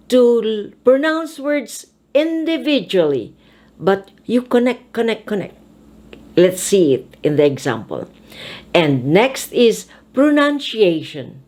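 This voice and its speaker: Woman doing a pronunciation lesson, super slow and careful, voice going way up and down on every word. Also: on the high side, darkish tone. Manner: slow, deliberate, emphatic enunciation. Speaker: speech teacher and host.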